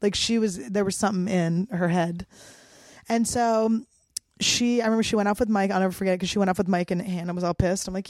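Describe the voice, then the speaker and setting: A woman's voice: mid-range voice, fairly even intonation, fast, darkish tone, no room sound, studio quality. A woman from Philadelphia, a comedian, telling a wild story in a casual, profane way. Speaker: comedian guest.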